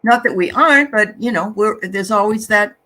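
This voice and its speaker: A woman's voice: medium pitch, moderate pace, sharp tone, slight background noise. A woman hosting a casual live chat, enthusiastic, often repeating phrases and trailing off. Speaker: host.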